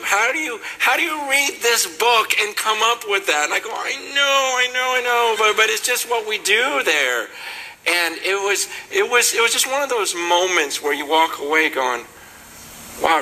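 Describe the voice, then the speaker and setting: A man from the United States preaches in a storytelling sermon. His voice sits fairly high and rings with a sharp, bright edge. He acts out the people he quotes and fills the gaps with casual asides. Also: slight background noise, low-quality recording.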